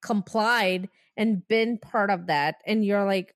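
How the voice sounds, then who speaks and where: A woman co-hosting a podcast in casual chat, blunt and animated, swearing freely as she breaks down a reality show. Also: mid-range voice, slow pace, no echo, clean studio sound. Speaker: podcast co-host.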